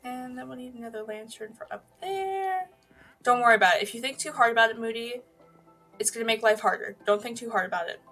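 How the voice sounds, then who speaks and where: A woman's voice: on the high side, brisk, a bit bright, faint music behind. A woman streaming a video game, chatting casually, rambling from topic to topic, swearing freely and answering her chat. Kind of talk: casual gaming livestream chat.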